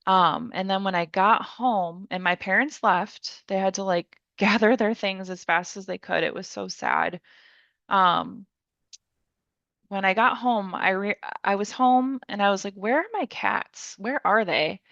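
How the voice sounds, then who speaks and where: A woman's voice: mid-range voice, a little slow, creaky, fairly bright tone, no echo, dull audio. A young woman telling her own story casually, rambling with many fillers and acting out what people said. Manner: rambling, heavy use of "like", acts out her own quotes. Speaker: podcast guest.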